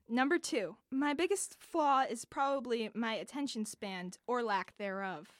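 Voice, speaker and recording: A woman's voice: fairly high pitch, unhurried, no room sound, clean studio sound. A young woman co-hosting a casual podcast, plainly running a quiz segment. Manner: plain, matter-of-fact, runs quiz segments. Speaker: podcast co-host.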